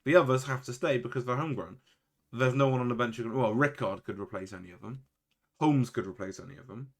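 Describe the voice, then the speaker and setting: A man's voice: medium pitch, fast. A man giving casual, wry play-by-play commentary on his own video game, full of exasperated, self-mocking asides.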